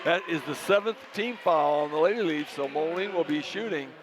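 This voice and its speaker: A man doing play-by-play commentary for a high school basketball game, calling plays in short, brisk bursts. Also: a crowd in the background, background noise. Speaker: play-by-play announcer.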